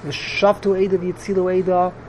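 A man's voice: sits high, little pitch movement, fairly quick, background noise. A man teaching a Talmud class, repeating himself animatedly and mixing English with Hebrew and Yiddish terms.

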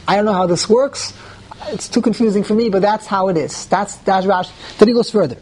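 Animated man teaching a Talmud class. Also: high-pitched, brisk, a little hiss or hum. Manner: animated, repeats words while thinking aloud; asks the class questions and answers himself. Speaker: Torah teacher. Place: classroom with students.

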